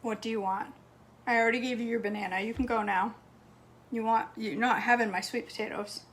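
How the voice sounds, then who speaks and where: A woman's voice: a little high, fairly even intonation, fairly quick, a little hiss or hum. A woman vlogging casually from her home kitchen, chatting to viewers and her dog as she cooks. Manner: chatty, talks to her dog between steps. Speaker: cooking vlogger.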